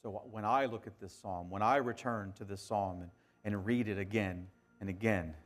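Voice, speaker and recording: A man delivering a sermon as a pastor, talking conversationally and swinging from hushed, quiet lines to emphatic ones. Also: fairly low pitch, steady tone, normal speed.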